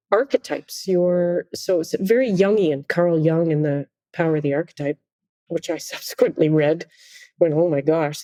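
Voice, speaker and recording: A middle-aged woman, a conductor, telling a story in a podcast interview, animated, acting out quotes and laughing often. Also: fairly low pitch, no echo. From Canada. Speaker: guest conductor.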